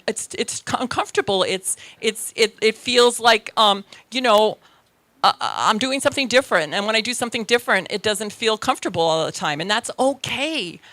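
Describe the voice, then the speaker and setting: A woman minister delivers a conversational sermon and keeps checking in with her listeners. Her voice has a gravelly texture with a bright, forward tone. The sound is dry and close, with little room around it. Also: medium pitch, no echo. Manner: chatty, self-deprecating, checks in with the congregation.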